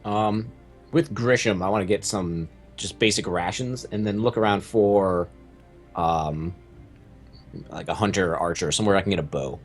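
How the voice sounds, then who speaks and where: A man's voice: sits low, normal speed, soft background music. A man playing a tabletop game, casually saying what he wants to buy. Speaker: player.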